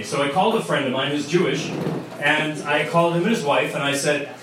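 Male priest, casual storyteller; high voice, echoey room with background noise. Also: normal speed. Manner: chatty, storytelling. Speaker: priest giving a talk. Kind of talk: casual talk to a pub crowd. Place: pub. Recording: echoey pub, distant mic, noise.

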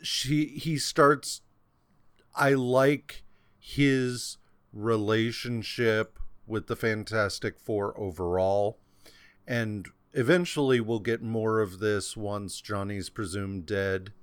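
A man hosting a comics podcast, talking slowly in a rambling way and reading out issue credits. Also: lowish voice, clean tone, no room sound. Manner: slow and rambling, with fillers and restarts. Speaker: podcast host. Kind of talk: casual chat.

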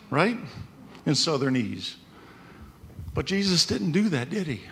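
A man's voice: a little high, very animated, measured pace. A man preaching a conversational sermon, often checking in with "right?". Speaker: pastor.

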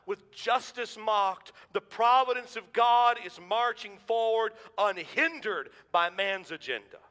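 A man's voice: sits high, bright, forceful tone, in a large hall. A man preaching a sermon, earnest and rhetorical, stacking questions and building to emphatic declarations.

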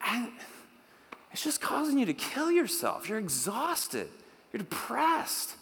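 A male pastor preaching a sermon in a playful, animated way, leading the congregation in repeat-after-me phrases. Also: very high voice, slow pace, husky. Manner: animated, playful, leads call-and-response with the congregation. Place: church hall. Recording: long hall reverb.

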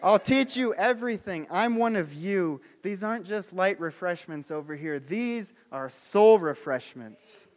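Laid-back chill guy inviting folks over, pitched way up, a preacher putting it on, echoey hall. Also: lively intonation, a little slow, hardly any pauses. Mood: playful. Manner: loose, casual, playful. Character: laid-back, friendly man inviting weary people over.

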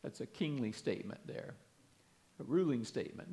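A man's voice: medium pitch, expressive, moderate pace, warm tone. A man preaching a sermon, earnestly explaining and reading scripture aloud with emphasis.

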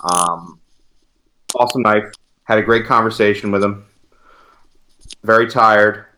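Male podcast co-host, lower register, relaxed anecdotal delivery. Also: measured pace. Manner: storytelling, animated retelling. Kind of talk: casual chat.

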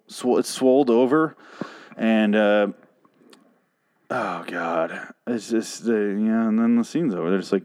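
A man's voice: on the low side, unhurried, a little mellow. A man casually recapping a TV episode, ranting angrily and profanely, often restarting his sentences. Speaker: TV episode reviewer.

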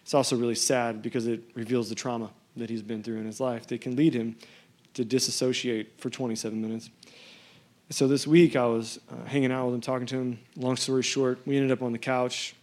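A man in his thirties preaches to his church, moving between scripture reading and plain personal storytelling. His voice sits at a middle pitch and stays fairly level, with little rise and fall. His manner is earnest and conversational. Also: flat delivery, fairly quick, darkish tone. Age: 30s. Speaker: pastor. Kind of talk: sermon.

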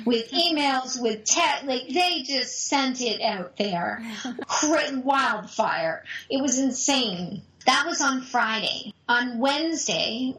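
A middle-aged woman, a mother, telling a personal family story in an animated, emotional way. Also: a little high, poor audio.

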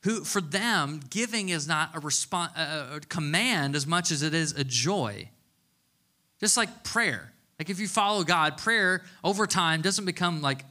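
Pastor guy in his 30s doing a laid-back sermon, bright forceful voice, pitched a bit high, jokey storyteller. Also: animated, unhurried. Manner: casual, chatty storytelling with playful humor. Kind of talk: conversational sermon.

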